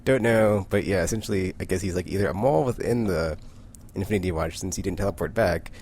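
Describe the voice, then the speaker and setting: A man's voice: low-pitched, quick pace, darkish tone, a little hiss or hum. A man casually recapping a comic book, rambling with lots of "like" and frequent self-corrections.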